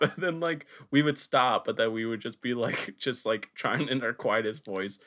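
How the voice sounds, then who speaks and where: A man's voice: medium pitch, moderate pace, few pauses. A man hosting a podcast, telling stories in crude, laughing casual chat. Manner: crude, laughing, lively storytelling. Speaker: podcast host.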